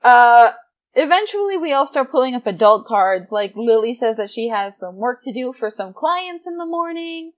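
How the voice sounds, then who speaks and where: A woman's voice: a little high, very animated, normal speed, highs cut off. A woman in her twenties telling a gaming story casually and with energy, swearing freely and breaking into laughter. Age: 20s. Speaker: gaming vlogger.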